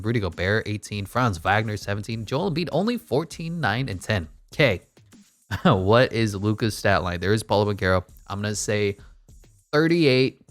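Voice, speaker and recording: A young man talks through a basketball video game simulation, cracking jokes and firing off stat lines in a casual play-by-play. His voice sits fairly low. The sound is dry and close, with no room around it. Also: dry recording. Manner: jokey play-by-play with quick stat rundowns. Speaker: gaming YouTuber.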